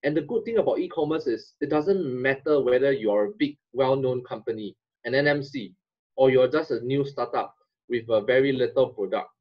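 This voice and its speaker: Man, e-commerce consultant, husky voice, direct explaining, muffled lo-fi webinar audio. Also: mid-range voice, normal speed. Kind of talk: webinar presentation.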